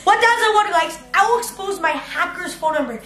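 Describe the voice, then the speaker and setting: Very high-pitched, excitable vlogging woman. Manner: excitable, dramatic, drawn-out slow phrases. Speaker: YouTuber. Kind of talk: excited vlog narration reading out text chats. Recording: echoey room with background music.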